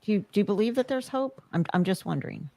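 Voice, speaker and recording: A woman hosting a podcast, speaking gently and haltingly to her guest. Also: mid-range voice, animated, creaky. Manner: gentle, halting, with many restarts. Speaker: podcast host. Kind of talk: supportive interview talk.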